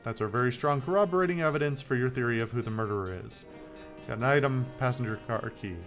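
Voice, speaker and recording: A man's voice: medium pitch, quick pace, a bit bright, faint music behind. A man hosting a video game playthrough, reading the game text aloud with playful commentary in a wry, joking, rambling way. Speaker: let's play host.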